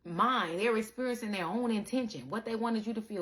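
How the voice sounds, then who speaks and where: A woman giving a casual spiritual monologue to her viewers, animated and profane, calling the listener baby and acting out the people she quotes. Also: mid-range voice, quick pace, few pauses. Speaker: spiritual content creator.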